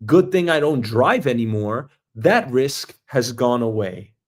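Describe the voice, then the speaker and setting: A man's voice: mid-range voice, unhurried. A middle-aged man with a New York accent hosting a casual comedic monologue, acting out the people he quotes. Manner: animated storytelling, acts out quoted voices. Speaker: host.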